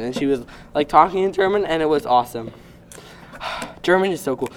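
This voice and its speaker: A man's voice: fairly high pitch, moderate pace, a little hiss or hum. A young man co-hosting a casual podcast, chatty and rambling, laughing often. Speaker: podcast co-host. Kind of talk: casual chat.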